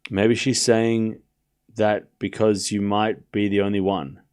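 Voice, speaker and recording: A man's voice: lowish voice, flat delivery, takes it slowly, a little mellow, smooth. A young man hosting a live tennis watchalong, calling scores and answering chat with joking mock anger. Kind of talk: casual live watchalong commentary, reading chat.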